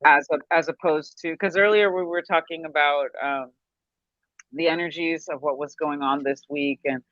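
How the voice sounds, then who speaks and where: A woman hosts a relaxed spiritual chat over a video call. She wanders through her thoughts in halting, meandering phrases, breaking into laughter now and then. The sound is dry and a little dull, as from a modest video-call link. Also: deep voice, no echo. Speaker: host. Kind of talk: casual spiritual chat on a live stream.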